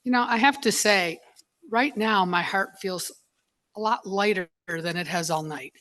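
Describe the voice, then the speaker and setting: A school board member, a woman, speaking at a public meeting in an emotional, halting way, choked up and apologizing as she goes. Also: medium pitch, fairly bright tone.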